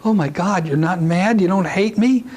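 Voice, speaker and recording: A man's voice: high-pitched, moderate pace, a little mellow, pitched above the performer's own voice, rough recording. A man putting on a sobbing, grief-stricken mother. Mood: sobbing remorse. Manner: weeping, pleading, repeating herself.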